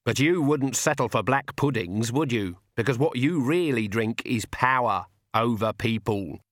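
A man's voice: medium pitch, unhurried, dry recording, clean studio sound. A man voicing a shrewd, stern old witch woman with plain-spoken, folksy speech in an audiobook. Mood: knowing. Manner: plain-spoken rural speech, calm and cutting.

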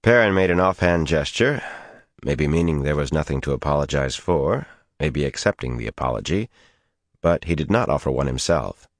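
A man narrating a fantasy audiobook in a steady, dramatic storytelling manner. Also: very deep voice, normal speed, no room sound, clean studio sound. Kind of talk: scripted narration.

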